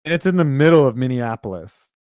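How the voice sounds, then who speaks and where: A man's voice: mid-range voice, expressive, fast talker, a little mellow, no echo. A man co-hosting a podcast in crude, casual banter, joking around and putting on silly voices. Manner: jokey, slips into mock Australian voices. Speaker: podcast co-host.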